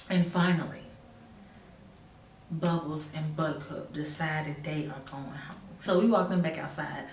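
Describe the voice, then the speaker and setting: A woman telling a story in a casual vlog, animated and sassy, jumping from loud exclaims to hushed asides. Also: on the low side, distant mic. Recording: echoey room, a bit off-mic, faint hum.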